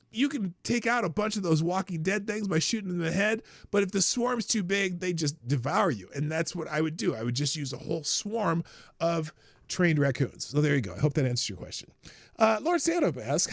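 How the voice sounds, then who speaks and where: A man with a sing-song, gravelly voice speaks fairly quickly in clean studio sound without room sound. Reading viewer questions on his live stream, he answers in a blunt, profane, joking manner during casual unscripted chat, laughing at himself and swinging from low mutters to loud outbursts.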